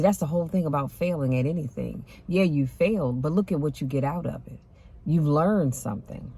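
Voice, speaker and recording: A woman's voice: low voice, warm tone, slightly rough, no room sound. A woman host giving an encouraging faith talk, speaking in an exhorting, preachy way. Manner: preachy, exhorting, calls out "come on now". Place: parked car.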